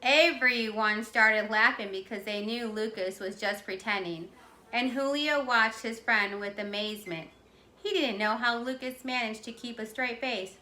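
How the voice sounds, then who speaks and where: A woman teacher reads a children's chapter book aloud, clear and expressive. Her voice is bright and sharp and sits a bit high. The room gives it a roomy echo. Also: unhurried. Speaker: teacher reading to her class.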